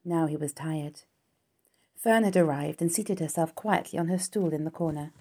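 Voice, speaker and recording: Woman reading a kids book aloud, calm and steady, kinda low voice. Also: normal speed. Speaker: storyteller. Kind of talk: audiobook reading of a children's novel.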